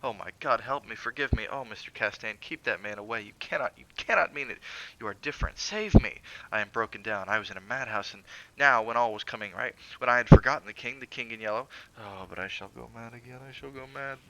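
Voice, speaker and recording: A man's voice: mid-range voice, quick pace, bright, forceful tone, low-quality recording. A man voicing a terrified madman who cries, gasps and begs in panicked outbursts. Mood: frantic pleading. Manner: gasping, crying, panicked outbursts. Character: terrified madman, frantic and pleading.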